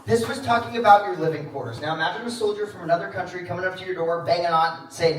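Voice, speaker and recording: A man's voice: high-pitched, quick pace. A man presenting a history lesson to a class, calling on students and getting the crowd to repeat after him. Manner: energetic, calls on students and prompts the crowd. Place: large echoey classroom or hall. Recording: echoey room recording from far off, noisy.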